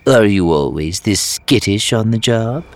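A man voicing a clever, self-assured male spy advisor who talks in a brisk, reassuring way. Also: lowish voice, sing-song, slightly rough, pitched above the performer's own voice, full character voice. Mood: confident.

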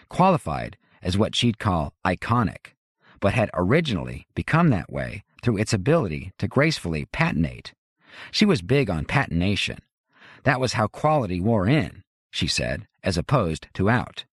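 A man reading a novel aloud as audiobook narrator, in a measured, wry storytelling manner. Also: fairly low pitch, husky, no room sound. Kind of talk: scripted narration. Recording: dry close studio.

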